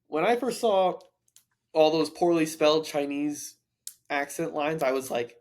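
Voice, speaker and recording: A young man co-hosting a casual book podcast, thinking out loud with many fillers and restarts. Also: fairly high pitch. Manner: rambling, stream of consciousness, many fillers and restarts. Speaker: podcast co-host.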